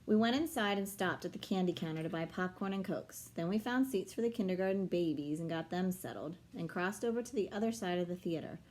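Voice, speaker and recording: A woman reading a children's novel aloud in a steady storytelling manner. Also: fairly low pitch. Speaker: reader.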